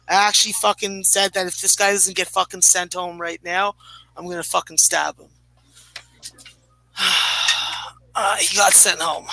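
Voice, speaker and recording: A man's voice: high voice, gravelly, bright, forceful tone, dry recording, rough recording. A man in his thirties ranting profanely in a casual podcast chat. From Canada. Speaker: podcast regular.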